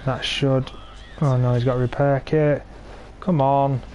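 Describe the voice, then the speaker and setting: A man's voice: medium pitch, little pitch movement, measured pace, darkish tone, lo-fi sound, slight background noise. An English man in his twenties giving live commentary on a tank game he is streaming, grumbling and sarcastic about his teammates, recorded on a cheap gaming mic. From England. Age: 20s.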